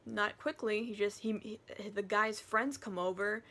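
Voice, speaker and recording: A woman talking through her monthly reading in a chatty, animated book review vlog, now and then dropping to a whisper. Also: medium pitch, measured pace.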